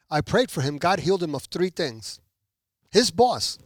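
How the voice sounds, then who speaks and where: On a podcast, a guest from Puerto Rico tells his testimony in a voice on the high side at normal speed, animatedly playing out each quoted person. The recording is clean studio sound with no room noise.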